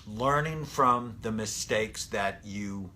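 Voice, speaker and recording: Bright-toned man explaining brain health. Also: lowish voice, slow pace. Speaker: podcast co-host, brain doctor. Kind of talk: casual explanatory chat.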